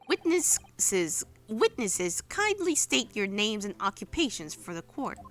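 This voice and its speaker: A woman's voice: medium pitch, sing-song, takes it slowly, a bit bright, soft background music. A woman voicing a stern male judge who gives formal courtroom orders.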